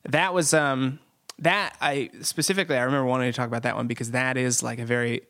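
A man's voice: mid-range voice, fairly even intonation, fast talker, fairly bright tone. A man who is a stand-up comedian, chatting casually about his jokes in a rambling way full of fillers, laughing easily.

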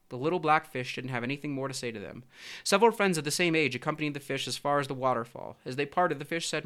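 A man narrating a storybook in a steady, measured way. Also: a little high, clean tone. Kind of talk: storybook reading.

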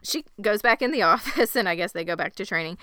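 A woman chatting about a show, retelling scenes and quoting the characters with energy. Her voice is bright and smooth, a little low in pitch, and recorded close and dry. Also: animated, quick pace, dry recording. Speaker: podcast co-host. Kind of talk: casual chat.

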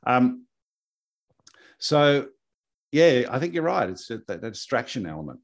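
A man's voice: mid-range voice, big pitch swings, measured pace. A man co-hosting a podcast, talking in a casual, hesitant way with many fillers and restarts. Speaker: podcast co-host. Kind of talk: casual chat.

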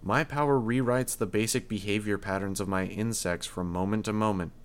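A man voicing a calm, measured young woman with insect powers in an audiobook reading. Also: on the low side, natural voice. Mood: cool. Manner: cool, measured.

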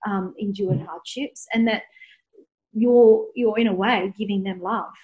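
Supportive woman interviewer, halting and warm. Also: medium pitch, steady tone, dull audio. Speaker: podcast host interviewer. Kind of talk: conversational interview.

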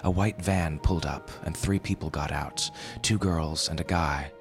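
A man calmly narrating a first-person story. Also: a bass voice, normal speed, vocal fry, music in the background.

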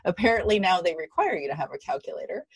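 A woman hosting a podcast interview, chatty and enthusiastic. Her voice is husky and a little low. The sound is dry and close. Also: very animated, quick pace, dry recording. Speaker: podcast host.

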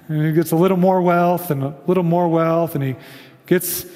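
Fairly high-voiced man preaching in a hall. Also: fairly even intonation, normal speed, dark tone. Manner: casual storytelling preacher, acts out quotes. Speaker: pastor. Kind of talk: sermon.

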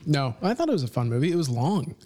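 A man's voice: a little high, very animated, fast, dark tone. A man on a movie podcast, joking around and quoting lines in silly voices. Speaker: podcast co-host. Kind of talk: casual movie review chat.

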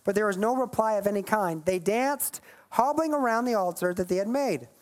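A woman's voice: mid-range voice, brisk, a little mellow. A woman preaching a sermon, reading scripture aloud and breaking into emphatic, playful asides.

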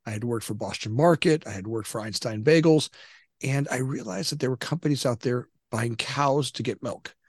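A man in his fifties talks as an interview guest, wandering through his story with frequent restarts and fillers. His voice sits at an ordinary middle pitch, and the recording is close and dry. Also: normal speed, slightly rough, no room sound. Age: 50s. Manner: rambling, many restarts and "you know"s. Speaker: guest entrepreneur.

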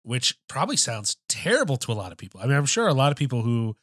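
A man co-hosts a film podcast, discussing casually and thinking aloud in a thoughtful, halting way with many restarts, fillers, and casual swearing. His voice is medium-pitched and a bit bright, with big pitch swings. The sound is clean studio audio with no room sound.

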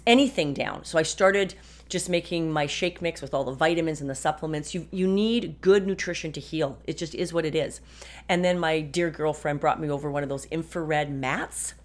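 A woman in her fifties talks frankly into her podcast mic from her home desk. Her voice sits a little low, and her chatty delivery carries a dry, sarcastic edge. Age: 50s. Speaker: podcast host. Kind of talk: casual personal monologue.

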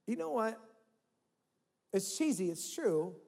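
A man's voice: high-pitched, very animated, slow, vocal fry, darkish tone. A male pastor giving a conversational sermon in a church, acting out quoted inner voices and often repeating words. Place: church hall. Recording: long hall reverb with faint music.

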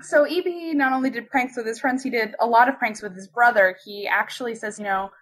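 A woman's voice: a little high, fairly quick, fairly bright tone, low-quality recording. A young woman telling a funny story in casual chat, giggling often and full of fillers.

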